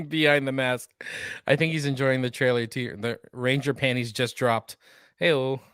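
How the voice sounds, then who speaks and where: A man from the Sacramento area in easygoing podcast talk, chatty and enthusiastic, with jokes along the way. His pitch is ordinary and mid-range. The sound is dry and close to the mic. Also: fairly even intonation, a little slow, a bit bright, clear, resonant tone, dry recording. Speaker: podcast co-host. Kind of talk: casual pop-culture chat.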